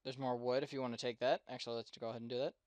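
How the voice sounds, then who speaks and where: A man's voice: medium pitch, level tone, racing, darkish tone, no echo. A man hosting a let's play, commenting casually on a game in a rambling way, with lots of fillers and self-corrections.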